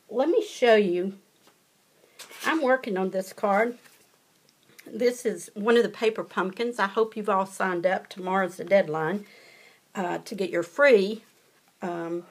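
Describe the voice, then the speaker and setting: Southern woman, craft tutorial host, casual and folksy, encouraging, average pitch. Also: a little hiss or hum.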